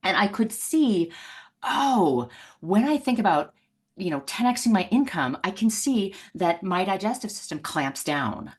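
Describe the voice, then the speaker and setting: A woman's voice: medium pitch, a little slow, slightly rough. A middle-aged woman, a money mindset coach, telling a personal story in a podcast conversation and acting out the voices she quotes. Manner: animated, acts out quoted voices.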